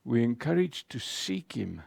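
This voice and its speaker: A man preaching a sermon as pastor, speaking in a slow, emphatic way with deliberate pauses. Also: medium pitch, very animated, vocal fry, a little mellow, breathy edge, no echo, studio quality.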